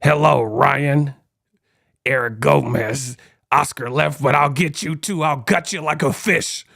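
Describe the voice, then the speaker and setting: A man voicing a menacing masked male killer who taunts his victim on the phone, slow and drawn-out. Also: on the high side, vocal fry, fairly bright tone, dry recording, clean studio sound, full character voice. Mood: creepy taunting.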